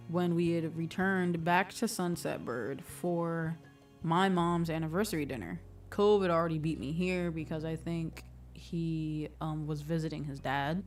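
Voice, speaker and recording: Brief: laid-back woman streamer, low voice, slow easy delivery, off-mic with faint background music, quick to laugh. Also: a little mellow, far from the mic. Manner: laughs often, swears casually. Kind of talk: casual stream chat.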